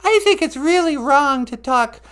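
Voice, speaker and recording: A man doing a squeaky falsetto wife. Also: expressive, a little slow, fairly bright tone, full character voice. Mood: prim. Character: high-pitched wife in the room.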